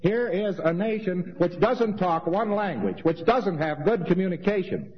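A man's voice: sits high, animated, measured pace. A man giving a rambling, conversational lecture with mocking asides. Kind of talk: informal lecture to an audience. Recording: dull lo-fi old recording in a reverberant hall.

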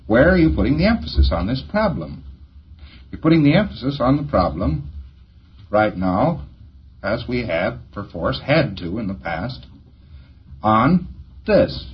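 A man's voice: medium pitch, slightly rough. A man giving an informal lecture, rambling through homely examples and chuckling at his own jokes. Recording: dull lo-fi lecture tape with faint hiss.

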